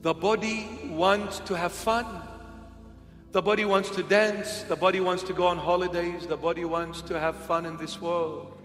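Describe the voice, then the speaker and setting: A man's voice: high-pitched, fairly even intonation, moderate pace, a bit bright. A man preaching a humorous, conversational sermon, slipping into playful impressions. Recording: echoey hall with faint music.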